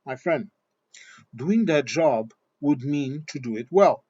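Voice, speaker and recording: A man's voice: a little high, lively intonation, slow pace, a little mellow, slightly rough. Blunt, swearing man on a dull recording. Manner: blunt, swearing, repeats himself. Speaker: vlogger. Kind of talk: opinion monologue.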